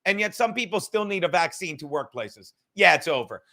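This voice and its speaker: A man's voice: sits high, animated, brisk, pushed and bright. A man hosting a podcast, ranting casually with heavy swearing and sarcastic asides. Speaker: podcast host. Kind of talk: casual rant.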